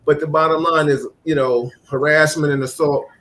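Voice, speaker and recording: A man's voice: a little high, steady tone, moderate pace, fairly bright tone. A man hosting a casual talk show, reading out viewer comments and retelling stories with energy. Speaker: host. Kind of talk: casual chat.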